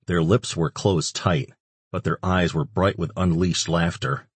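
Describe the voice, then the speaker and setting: A man narrating an audiobook in a measured, even reading. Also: low-pitched, breathy edge, dry recording. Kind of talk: scripted narration.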